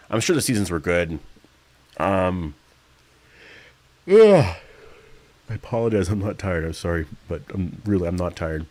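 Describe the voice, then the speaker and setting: Very deep-voiced man streaming. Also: no room sound. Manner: rambling, chatty, frequent fillers and self-corrections; sometimes yawning mid-speech. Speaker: streamer reading live chat. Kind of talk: casual livestream Q&A.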